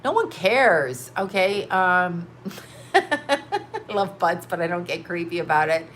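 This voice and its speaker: A woman's voice: lowish voice, expressive, slow, a bit bright, slight background noise. A woman hosting a casual commentary show, rambling frankly with lots of swearing and frequent bursts of laughter. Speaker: host.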